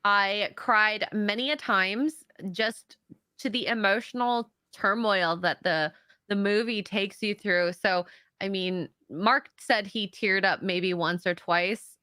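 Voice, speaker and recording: A woman's voice: medium pitch, slow pace, bright, forceful tone, smooth, dry recording, studio quality. A woman co-hosting a live stream in casual chat, giggly and trailing off mid-sentence. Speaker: stream co-host.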